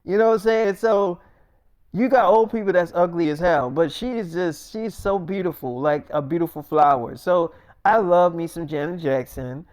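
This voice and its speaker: A man's voice: sits high, moderate pace, darkish tone. A man improvising a freestyle story in a casual, slangy, profane way.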